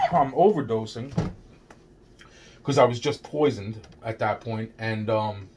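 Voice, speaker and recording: A man's voice: on the low side, slow pace, background noise. A man telling a long personal story straight to the listener, rambling, repetitive and full of swearing.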